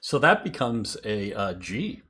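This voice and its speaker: A man's voice: fairly low pitch, very animated, measured pace, pushed and bright. A man hosting a casual music reaction chat, thoughtful, counting beats aloud and laughing often. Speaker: host.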